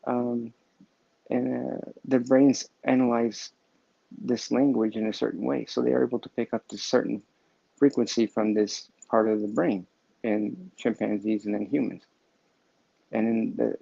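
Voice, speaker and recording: A man hosting a weekly positive message, talking in a halting, rambling way with many restarts and fillers. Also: medium pitch, vocal fry, dark tone, husky, no room sound. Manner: halting, full of restarts and fillers, self-amused. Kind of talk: rambling casual monologue. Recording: dull lo-fi dry recording.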